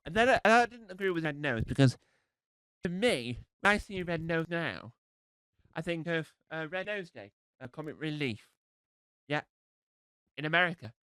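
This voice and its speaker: Guy with a cold rambling through a standup set, lively up-and-down voice, dry close sound. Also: fairly high pitch, clean tone, dry recording, rough recording. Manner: rambling, self-deprecating, repeats words. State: has a cold. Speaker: stand-up comedian. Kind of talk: live-streamed stand-up set.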